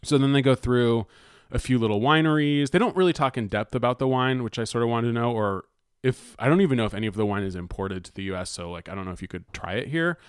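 A man's voice: mid-range voice, fast talker, clear, resonant tone, no echo, clean studio sound. A man co-hosting a podcast, chatting casually and hesitantly, reading bits of an article with many fillers. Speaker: podcast co-host. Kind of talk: casual chat.

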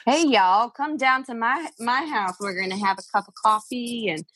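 A woman's voice: fairly high pitch, normal speed, a bit bright, no room sound, pitched above the performer's own voice. A woman putting on a Southern American drawl, playing a welcoming Southern American woman. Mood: hospitable. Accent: Southern American put on.

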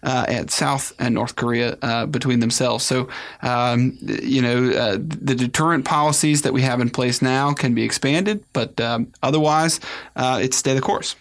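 A man's voice: mid-range voice, steady tone, normal speed. Earnest man with many fillers. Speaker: podcast co-host. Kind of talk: political talk show chat.

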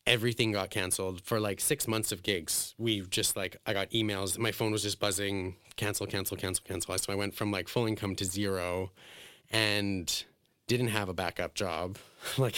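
A man's voice: deep voice, a bit bright, no room sound, clean studio sound. A man, a drag performer, telling stories in a casual interview, chatty and emotional, full of filler words, laughing often and acting out what people said.

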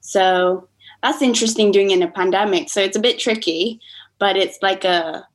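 A woman's voice: medium pitch, steady tone, normal speed, poor audio. A woman in her twenties with a slight American accent, a student chatting as a podcast guest, often quoting herself and laughing easily. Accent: American-tinged. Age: 20s. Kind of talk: casual conversation.

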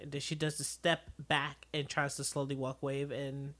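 A podcast co-host talks casually and reacts emphatically to a TV episode. The voice is bright and a little tense, with its pitch in the middle range. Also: little pitch movement, normal speed. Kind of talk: casual chat.

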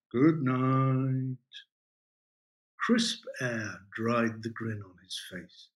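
A man reads his own short story aloud with vivid, expressive storytelling. His pitch sits in the middle, but his delivery rises and falls in a lively, animated way. The narration moves steadily through each scene. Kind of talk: literary reading.

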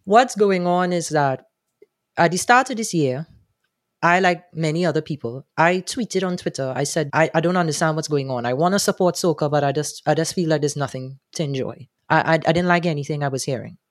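A man answering interview questions, thoughtful and animated, often restarting his sentences. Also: on the high side, a little fast, dry recording, studio quality. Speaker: guest, soca music commentator.

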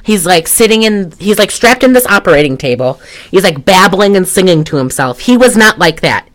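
A woman's voice: on the low side, animated, a little fast. A woman co-hosting a casual film podcast, rambling with restarts and swearing freely. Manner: rambling, profane, many restarts. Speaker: podcast co-host.

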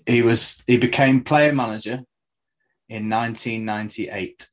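A man's voice: medium pitch, steady tone, a little slow, rough recording. A man co-hosting a casual football podcast, setting trivia questions with frequent laughs. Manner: quizzing with trivia, laughing often. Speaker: podcast co-host.

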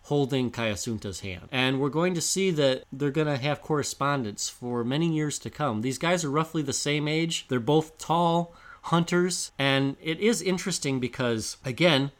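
A man hosting a history podcast, explaining events in a casual way and reading out announcements and listener shout-outs, recorded in a bar. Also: on the high side, normal speed. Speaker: podcast host.

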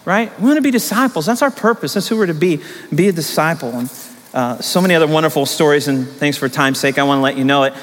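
A man's voice: a little high, quick pace, a bit bright. A man preaching a sermon as pastor, telling personal stories and then rising into emphatic exhortation. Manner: storytelling, building to emphatic exhortation. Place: large church sanctuary. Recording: long hall reverb.

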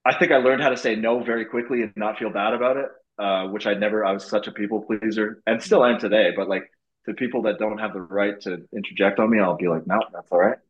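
A young man from Canada telling casual stories as a podcast guest, animated and swearing freely, acting out what people said. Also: lowish voice, quick pace, highs cut off. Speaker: podcast guest, former reality show lead. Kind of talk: casual storytelling.

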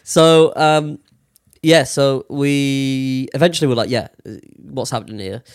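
A man's voice: mid-range voice, a little slow, clean tone, dry recording, clean studio sound. A young man casually telling a long story on a podcast, with lots of swearing and fillers. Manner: swears a lot, rambling with many fillers. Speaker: podcast co-host.

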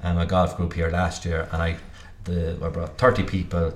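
An Irish man hosting a podcast interview, chatting casually with fillers and quick laughs, a little out of breath, recorded in a room at a golf resort. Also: low voice, completely flat delivery. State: slightly out of breath. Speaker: podcast host. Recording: roomy echo.

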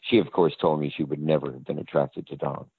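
Deep older man on a tinny line. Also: steady tone, fast talker, gravelly, husky, no echo. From American South. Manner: rambling and hesitant, with many fillers and restarts. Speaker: interview guest. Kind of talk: casual anecdotal storytelling. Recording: dry, phone-like line.

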